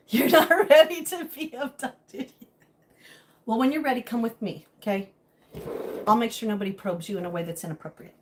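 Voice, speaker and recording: A woman with a high, bright-pitched voice chats through a live stream from her home kitchen. She jokes and answers viewer comments out loud as she cooks. A faint hiss of background noise sits under her voice. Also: fairly quick. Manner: chatty and joking, answering viewer comments aloud. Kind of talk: casual live-stream chat while cooking.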